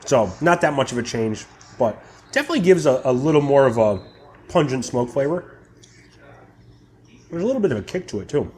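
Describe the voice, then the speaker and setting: A young man hosting his barbecue channel, chatting casually while tasting brisket and sometimes talking with his mouth full. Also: mid-range voice, lively intonation, a little mellow. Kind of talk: casual cooking vlog, tasting and reviewing.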